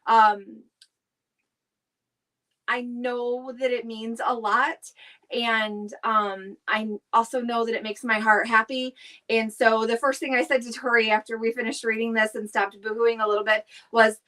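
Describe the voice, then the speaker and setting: A woman's voice: on the high side, bright, forceful tone. A middle-aged woman, chatting on a live stream, rambling with many fillers and restarts as she greets viewers. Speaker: direct seller hosting a weekly live stream.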